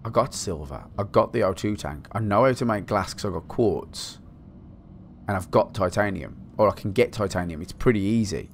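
Excitable, swearing British man gaming. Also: on the low side, moderate pace, vocal fry, a little hiss or hum. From Britain. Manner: excitable, swears a lot, talks to himself. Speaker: gaming channel host. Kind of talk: let's play commentary.

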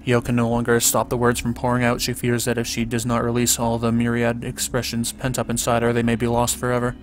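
A man reading a visual novel's text aloud in a flat, even way, with casual asides and small stumbles. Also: mid-range voice, a little fast. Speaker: let's play commentator. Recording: faint music underneath.

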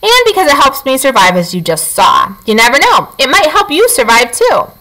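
A woman's voice: sits high, big pitch swings, normal speed, bright, forceful tone, voice pushed up, heavily acted, poor audio. A woman reading aloud and voicing a chatty, theatrical female possum who talks dramatically. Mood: gushing. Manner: gushing, dramatic.

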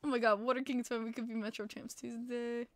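Excitable New York woman streaming. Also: on the high side, fairly quick, no room sound. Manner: excitable, profane, laughs often. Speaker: podcast streamer host. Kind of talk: casual live-stream chat.

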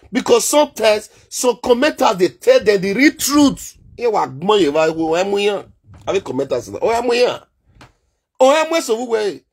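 Husky Nigerian man ranting animatedly. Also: on the high side. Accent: Nigerian Pidgin English. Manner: loud, swings between shouting and muttering, mixes languages. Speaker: online content creator.

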